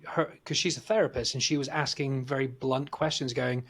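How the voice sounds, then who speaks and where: A man's voice: mid-range voice, fairly even intonation, a little fast, a bit bright, breathy edge. A man co-hosting a casual film review podcast, chatty and retelling scenes with laughter. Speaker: podcast co-host.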